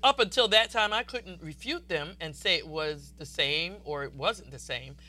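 Woman preacher, fervent sermon, very bright and cutting tone, exuberant declarations. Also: low voice, animated, normal speed.

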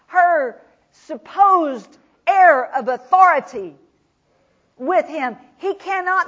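A woman preaching a sermon, retelling scripture dramatically, swinging from loud proclamation to hushed whispers. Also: sits high. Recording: dull lo-fi recording.

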